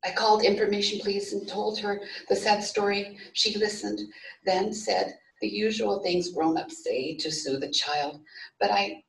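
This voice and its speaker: A woman reading a story aloud at a memorial service, in a steady storytelling manner with small restarts. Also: mid-range voice, a little slow, vocal fry. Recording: echoey room, voice from far off.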